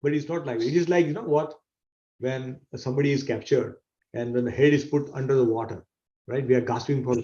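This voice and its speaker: A man with a warm, mid-range voice teaches a scripture class to an online audience, speaking fairly quickly but with long pauses. He explains earnestly and repeats key phrases for emphasis in this explanatory sermon, captured in a roomy, dull-sounding recording.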